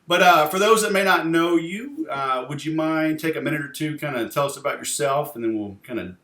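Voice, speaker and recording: A man's voice: fairly high pitch, a little fast, sharp tone, reverberant. A man hosting a podcast interview, joking and teasing his guest in casual chat. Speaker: podcast host.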